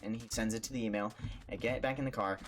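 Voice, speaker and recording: A young man, a streamer, telling a story casually and animatedly, putting on high voices for the people in it. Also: fast talker, a little hiss or hum.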